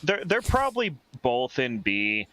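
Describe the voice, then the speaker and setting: An animated man co-hosting a casual podcast, his voice bright and bouncing widely in pitch. He talks loosely and slips into silly voices. The sound is dry and close. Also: unhurried, no echo. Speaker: podcast co-host. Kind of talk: casual chat.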